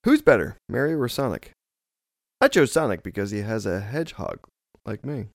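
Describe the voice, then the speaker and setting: A man hosting a casual comedy podcast, reading news stories and listener questions in quick bursts and laughing along the way. His voice has a gravelly, fry-tinged edge, and his pitch swings up and down a lot. The sound is dry and close, with no room echo. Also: big pitch swings. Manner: reads items aloud in quick bursts, laughing often.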